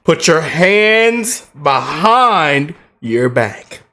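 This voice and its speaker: A man hosting a reaction video, hyped and slangy, throwing in quick interjections. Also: fairly high pitch, very animated, bright, forceful tone. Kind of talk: casual reaction commentary.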